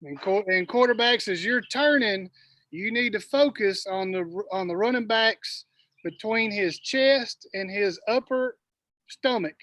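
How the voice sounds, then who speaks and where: A man's voice: sits high, unhurried, fairly bright tone, dry recording. A man coaching quarterbacks in a virtual session, explaining plays and correcting himself. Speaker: football coach.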